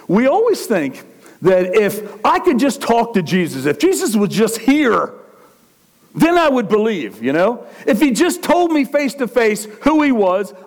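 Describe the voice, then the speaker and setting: Animated, high-voiced male preacher. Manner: animated, conversational, frequent "okay?" asides. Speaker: pastor. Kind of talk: sermon.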